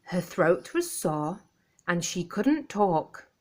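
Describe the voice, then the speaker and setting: A woman reads a children's picture book aloud, clearly and expressively for young children. Her pitch swings up and down with a lively lilt. She reads at an unhurried, slow pace. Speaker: storyteller.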